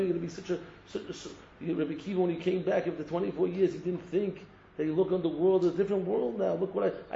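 Gravelly man preaching an impassioned sermon. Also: fairly high pitch, steady tone, fast, dark tone, reverberant, dull audio, slight background noise. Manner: exhorting, repeats a refrain of address, mixes Hebrew terms. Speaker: rabbi giving a Torah talk.

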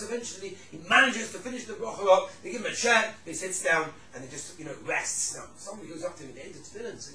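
High-voiced man teaching a Torah class. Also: fast, hardly any pauses, echoey room, distant mic, a crowd in the background, poor audio. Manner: animated storyteller, drops to hushed tones for the sad parts.

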